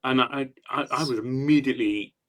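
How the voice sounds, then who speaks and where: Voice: mid-range voice, a little fast, fairly bright tone. A co-host in a casual podcast chat, reflecting on an episode and chiming in with short agreements.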